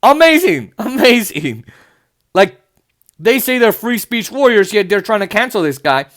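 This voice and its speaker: In a high-pitched, expressive, fairly bright voice, a young man hosts a podcast at normal speed. He delivers ranting political commentary, sounding exasperated and sarcastic and cursing frequently.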